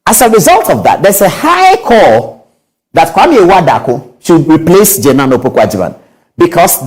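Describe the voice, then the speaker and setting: A man's voice: a little high, moderate pace, low-quality recording. A Ghanaian man hosting a studio show, giving political commentary with a stream of rhetorical questions. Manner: lively, repetitive rhetorical questions. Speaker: host.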